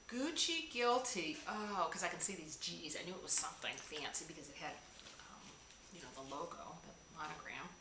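Excited woman unboxing stuff, lively voice going up and down, roomy echo with noise behind. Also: fairly high pitch. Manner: gushing, gasping, frequent delighted exclamations. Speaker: beauty vlogger. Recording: echoey room with clear background noise.

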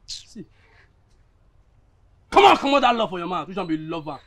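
A man's voice: sits high, big pitch swings, normal speed, fairly bright tone, heavily acted. An actor playing a blunt, teasing young male friend, speaking Nigerian Pidgin. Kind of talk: film drama acting.

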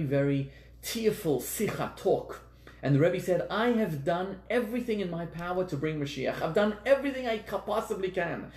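Man, rabbi giving a lecture, earnest and emphatic, voice on the high side, recorded in a reverberant room. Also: darkish tone. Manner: earnest, repeats words for emphasis. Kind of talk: lecture on Jewish teachings. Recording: echoey room.

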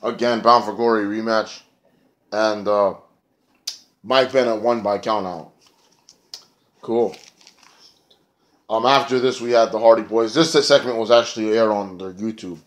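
A man's voice: lowish voice, fairly even intonation, a little slow, pauses often. A man feeling sick and snotty, giving a casual, profane, rambling review of a wrestling show, with lots of filler words. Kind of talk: casual spoken review vlog.

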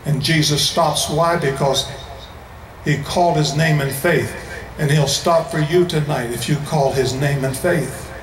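A man with an American accent preaching an emphatic evangelistic sermon to a large crowd, slowing down to stress key phrases. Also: a little high, steady tone, a little hiss or hum. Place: large indoor event venue. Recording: echoey hall, voice from far off.

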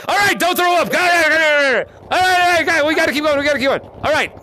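A man hosting a live-streamed VR game chat, excitable, calling out names and laughing often, on a headset mic. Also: very high-pitched, a little fast, background noise. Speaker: gaming streamer and host.

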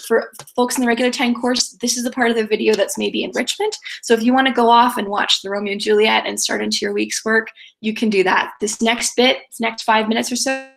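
A woman's voice: a little high, gravelly, fairly bright tone, rough recording. A woman teacher giving a chatty, filler-heavy recorded video lecture.

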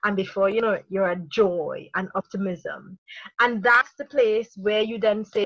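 A woman speaking as a parenting coach in a podcast interview, energetic, often acting out inner dialogue in quotes. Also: mid-range voice, a little slow, no room sound, lo-fi sound.

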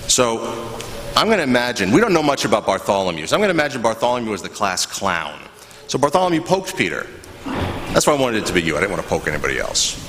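A man, a pastor, giving a children's sermon in a church, telling a story with animated voices and asking the kids questions. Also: on the low side, fast talker, a little hiss or hum. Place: church sanctuary. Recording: echoey church hall, faint ambience.

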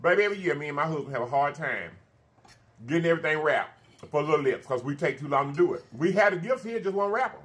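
A man's voice: a little high, lively intonation, fairly bright tone. Chatty man eating on camera. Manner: chatty, drawn-out "honey" and "baby" asides, hums while eating. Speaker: mukbang host. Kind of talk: casual eating-show chat.

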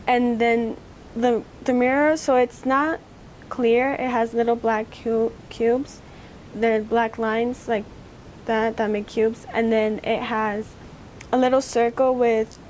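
A teenage girl giving an oral history interview, recounting a personal memory in a halting way. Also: on the high side, darkish tone, a little hiss or hum. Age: teens.

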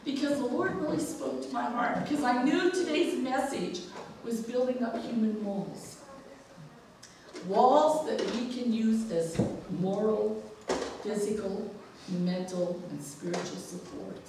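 Woman pastor, funny story-driven sermon, fairly high voice, recorded far off in a reverberant church. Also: unhurried, background noise. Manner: humorous animated storytelling. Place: church sanctuary. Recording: echoey church from a distance.

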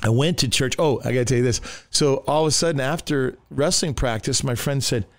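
A man's voice: medium pitch, a little fast, few pauses, no room sound. A middle-aged man from the United States, a pastor telling his life story in a casual podcast talk, rambling with restarts and acting out quoted voices. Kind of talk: casual testimony in a podcast conversation.

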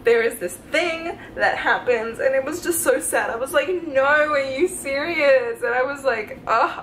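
A young woman talking casually in a reading vlog at home, excited and rambling, gushing with lots of fillers. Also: fairly high pitch, slight background noise, low-quality recording. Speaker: book vlogger.

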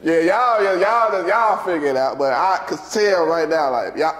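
A man hosting a casual chat, loud and slangy, laughing often and breaking into excited bursts. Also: a little high, normal speed. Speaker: podcast host. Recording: roomy echo with long reverb.

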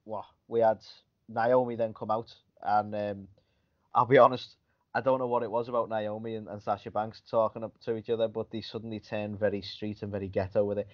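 A man's voice: on the low side, flat delivery, brisk. A man co-hosting a podcast, chatting casually about wrestling in a rambling, griping way. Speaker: podcast co-host. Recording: dull lo-fi podcast audio.

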